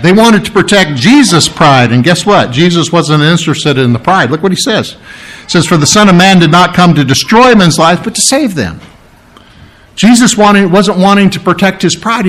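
A male pastor teaching through a Bible passage, his voice sitting a little higher than most men's. He preaches in a conversational way, repeating key words for emphasis and checking in with listeners. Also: a bit bright. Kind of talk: sermon, verse-by-verse Bible teaching.

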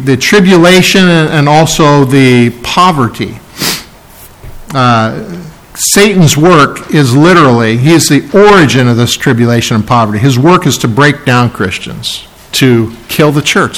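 A man preaching a sermon, emphatic and repeating key phrases, sometimes dropping to a soft hush. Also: fairly high pitch, poor audio. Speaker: pastor.

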